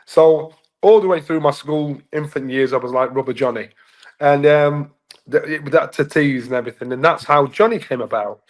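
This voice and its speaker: A middle-aged English man, once a boxing champion, telling stories in a relaxed sit-down interview. His voice sits a touch above other men's, and it climbs higher still when he acts out the people in his anecdotes. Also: moderate pace. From England. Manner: animated, acts out voices in anecdotes with rising pitch. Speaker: interview guest, former boxing world champion. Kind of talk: casual storytelling in a sit-down interview.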